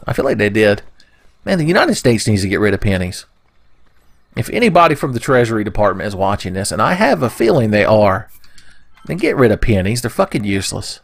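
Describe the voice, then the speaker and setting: A man's voice: lowish voice, very animated, fairly quick, gravelly. A man giving crude, rambling commentary over his own gameplay. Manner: rambling, crude jokes, mock voices for enemies. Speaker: gaming video host.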